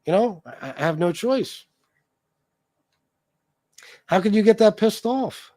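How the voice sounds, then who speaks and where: Heated male livestream host, high voice, swearing rant, dry mic. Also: lively intonation, slow pace, darkish tone, dry recording. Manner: profane, heated, repetitive. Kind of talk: ranting livestream commentary.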